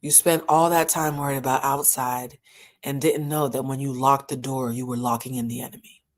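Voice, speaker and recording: A woman commenting on a reality show in a candid, emotional way, with dramatic pauses and moments of being moved. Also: very deep voice, steady tone.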